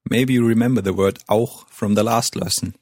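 Man teaching a language, lowish voice, patient and simple, dry mic. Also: steady tone, normal speed, darkish tone, breathy edge, dry recording. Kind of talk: language lesson dialogue.

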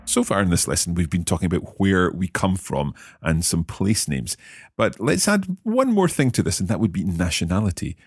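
Deep-voiced man, curious learner. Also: sing-song, slightly rough. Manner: curious, asks questions and repeats phrases slowly. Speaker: learner co-host. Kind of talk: language lesson dialogue.

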